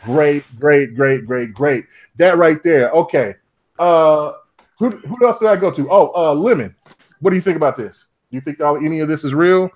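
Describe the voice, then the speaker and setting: A man hosting a casual gaming podcast panel, loud and joking, with swearing. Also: on the high side, normal speed, muffled recording. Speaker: podcast host.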